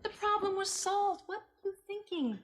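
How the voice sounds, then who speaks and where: A woman's voice: very high voice, lively intonation, normal speed. A prim, scolding woman. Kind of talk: 1990s sitcom acting. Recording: loud hiss, studio audience laughter.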